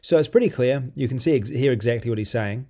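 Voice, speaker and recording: A man giving a loose, conversational walkthrough of a piece of software, full of ums and restarts as he clicks along. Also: mid-range voice, quick pace. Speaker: software reviewer. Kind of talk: casual screen-recorded software walkthrough.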